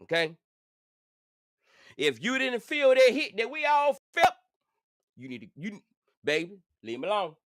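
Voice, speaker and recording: A man's voice: sits high, big pitch swings, measured pace, pauses often, a bit bright, no room sound, clean studio sound. A man hosting a casual commentary vlog, sassy and profane, repeating phrases for emphasis. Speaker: channel host.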